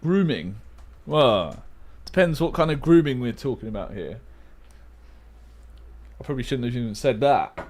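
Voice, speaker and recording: A man's voice: mid-range voice, expressive, normal speed, pauses often, darkish tone. A young man hosting a casual livestream, muttering word guesses aloud with playful, self-mocking asides. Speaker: livestream host. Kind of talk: casual livestream chat while playing a word game.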